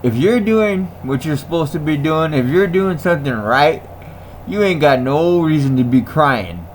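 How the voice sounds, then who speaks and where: A man's voice: fairly high pitch, animated, normal speed, slight background noise. A man in a casual ranting monologue who repeats himself, laughs often and talks in slang. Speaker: vlogger.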